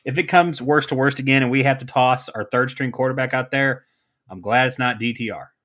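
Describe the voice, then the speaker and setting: A man chatting casually about football on a livestream, relaxed and hesitant with lots of fillers. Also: medium pitch, fairly quick. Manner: laid-back, hesitant, filler-heavy. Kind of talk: casual sports talk.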